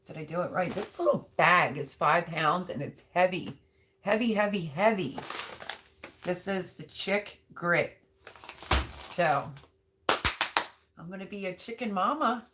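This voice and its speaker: Middle-aged woman, deep speaking voice, easygoing rambling host of a home live chat. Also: fairly bright tone, slight background noise. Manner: chatty, rambling, many ums. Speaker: livestream host. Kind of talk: casual live chat reading comments.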